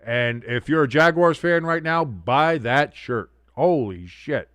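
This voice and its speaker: A man hosting a sports watch-along stream, giving excitable play-by-play with blunt, profane reactions. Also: mid-range voice, takes it slowly, dry recording. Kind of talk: casual live sports commentary.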